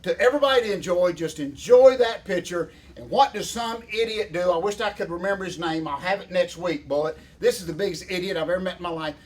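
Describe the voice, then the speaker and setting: A man in his fifties talks in a high register, folksy and excitable as he hosts. He rambles from one thing to the next in casual banter. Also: quick pace, hardly any pauses. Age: 50s. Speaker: show host.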